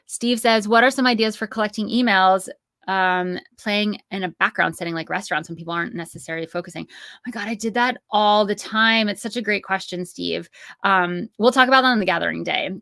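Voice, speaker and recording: A woman's voice: medium pitch, fairly quick, vocal fry, bright, forceful tone, no echo, clean studio sound. A woman in her thirties hosting an online course, teaching in a chatty, upbeat way with many asides and fillers. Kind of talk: live-streamed teaching with Q&A.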